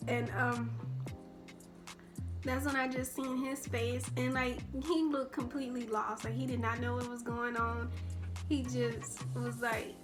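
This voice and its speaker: A woman's voice: fairly high pitch, level tone, unhurried, over music. A young woman telling a personal story in a casual storytime vlog, rambling and full of restarts. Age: young adult. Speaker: vlogger.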